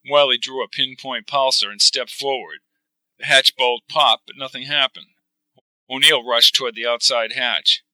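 A man reads a science fiction novel aloud in a steady, even way. His tone is strongly bright and cutting. The recording is dry and close. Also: mid-range voice, moderate pace, no room sound, poor audio. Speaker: narrator. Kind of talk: reading a sci-fi novel aloud.

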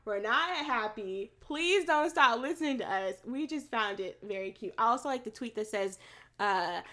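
A chatty woman co-hosting a podcast, her voice sitting a little high. She laughs often and tells stories with lively energy. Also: moderate pace. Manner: laughs often, animated storytelling. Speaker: podcast co-host. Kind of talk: casual chat.

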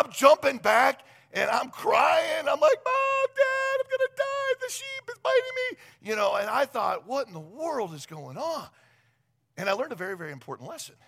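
A man preaches with a gravelly, bright voice that climbs fairly high. His sermon swings through a lively range, with stories told in a chatty, animated way. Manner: animated storytelling, conversational with asides. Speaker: pastor.

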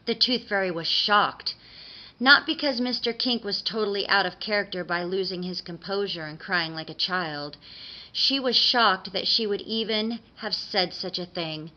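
A woman narrating a dark fairy-tale story as a steady reader, on slightly dull audio. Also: medium pitch, normal speed.

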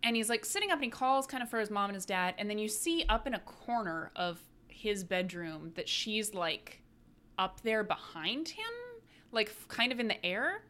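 Bright-voiced woman co-hosting a podcast. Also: medium pitch, normal speed. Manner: chatty, animated retelling peppered with "like". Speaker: podcast co-host. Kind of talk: casual podcast chat.

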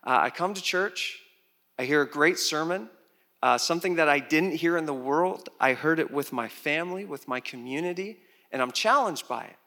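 A man preaching a sermon as pastor, animated, with loud rises, soft drops and chatty asides to the congregation. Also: a little high, normal speed, creaky.

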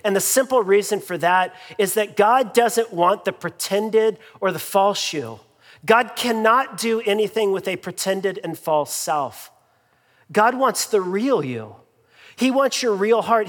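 High-voiced pastor preaching in reverberant hall. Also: male voice, measured pace. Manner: conversational preaching with frequent fillers and repeated phrases. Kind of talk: sermon. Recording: long reverb in a large hall.

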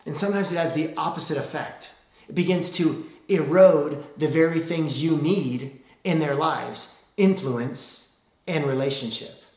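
Conversational preacher, echoey room. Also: male voice, on the high side, a little slow, darkish tone. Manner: conversational, with rhetorical "right?". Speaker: pastor. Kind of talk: sermon.

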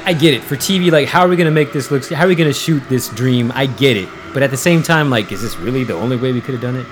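A man's voice: mid-range voice, quick pace, slight background noise. A man co-hosting a casual podcast, joking and teasing while reacting to a TV show. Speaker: podcast co-host. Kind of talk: casual chat watching a TV show.

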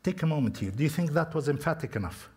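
A man's voice: fairly high pitch, lively intonation, quick pace, a little mellow, breathy edge. A man preaching a sermon, telling a story conversationally and talking straight to his listeners. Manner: storytelling, talks to listeners directly.

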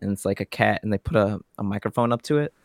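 A man's voice: fairly low pitch, fast, gravelly, dry recording. A man co-hosting a casual podcast, telling a rambling story with many fillers. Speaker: podcast co-host. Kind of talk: casual chat.

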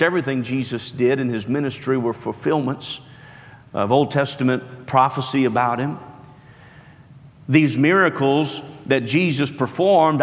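A man preaching a sermon with emphatic delivery, acting out quotes with rising and falling pitch. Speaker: pastor. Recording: echoey hall reverb.

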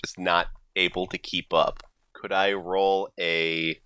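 A player at a tabletop game chatting casually, lively and given to loud high cries. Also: takes it slowly, clear, resonant tone, no echo.

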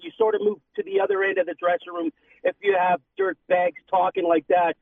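A man's voice: extremely high pitch, vocal fry, slight background noise. A man calling in to a radio show, indignant and rambling. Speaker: caller. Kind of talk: phone-in call. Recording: tinny distant phone line.

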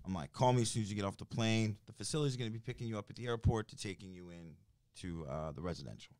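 Worked-up storyteller, New Jersey accent. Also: male voice, on the low side, fast talker, noisy background. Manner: acts out both sides of phone calls, gets worked up. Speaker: business development director. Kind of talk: animated storytelling in casual chat.

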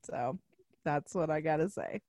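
A woman's voice: low-pitched, a little slow, a little mellow, no room sound, studio quality. A woman co-hosting a podcast, chatting casually in a playful, teasing way and laughing often. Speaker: podcast co-host. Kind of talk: casual chat.

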